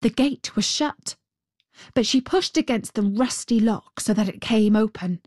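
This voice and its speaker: A woman reading a fairy tale aloud as a storyteller, in a gentle, expressive way. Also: on the high side, unhurried, dry recording, clean studio sound.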